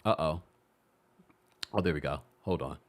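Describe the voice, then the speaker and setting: With a very deep, unhurried voice, a man hosts a celebrity gossip show, offering casual commentary to his live chat. He keeps it playful and teasing, laughing often.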